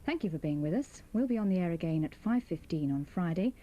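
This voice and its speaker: A woman as television continuity announcer, calmly and kindly signing off for the night with a gentle joke. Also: fairly low pitch, fast, dull audio. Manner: calm, friendly, gently joking. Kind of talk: late-night station closedown announcement.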